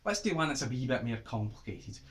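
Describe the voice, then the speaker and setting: A man with a Scottish accent giving a playful lesson to children, with animated, exaggerated exclamations. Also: medium pitch, a little fast. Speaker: writer teaching children.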